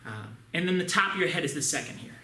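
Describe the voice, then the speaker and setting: A man's voice: fairly high pitch, lively intonation, quick pace, bright, forceful tone. A man teaching a children's martial arts class online, coaching upbeat and often checking in with the kids. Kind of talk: online kids' class instruction. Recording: echoey room with faint ambient noise.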